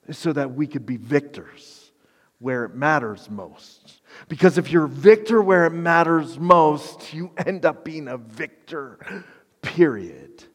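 A man's voice: fairly high pitch, slightly rough. Man preaching a sermon in a reverberant hall. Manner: conversational, emphatic, self-deprecating. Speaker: pastor.

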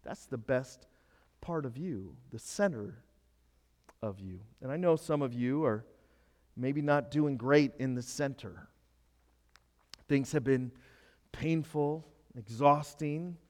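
A man preaching a sermon as pastor, emphatic and swinging from loud to hushed. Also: mid-range voice, slow pace, long pauses, big-room sound.

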